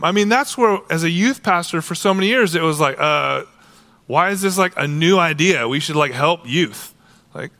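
A man preaches with a bright, forceful voice that sits a little high. He keeps his delivery casual and animated, slipping into quoted voices as he talks. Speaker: pastor. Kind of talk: sermon.

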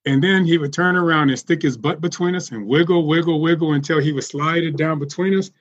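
A man telling animated stories as a podcast guest, laughing often as he goes. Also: fairly high pitch, a little fast, muffled recording. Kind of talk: casual storytelling.

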